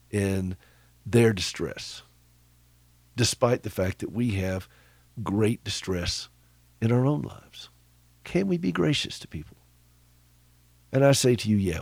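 A man's voice: lowish voice, expressive, slow, vocal fry, long pauses, a little mellow, no echo. A middle-aged man, hosting a radio show and telling stories with a chuckle, often asking his listeners questions. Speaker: radio host. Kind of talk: conversational radio talk.

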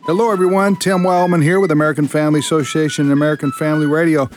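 A man reading a brisk promotional spot for a radio program. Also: a little high, little pitch movement, soft background music.

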